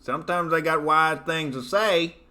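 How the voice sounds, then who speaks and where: A man doing a drawling rural redneck, folksy, bright, raised pitch. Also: normal speed. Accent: Southern US drawl, put on.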